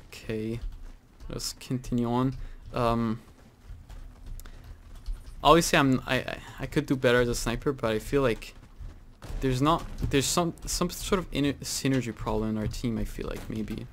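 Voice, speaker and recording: A man giving casual, rambling commentary over his own gameplay, full of fillers and sudden excited outbursts. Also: medium pitch, moderate pace, a little hiss or hum. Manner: chatty, rambling with many fillers, bursts into excited exclaims. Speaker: gaming channel host.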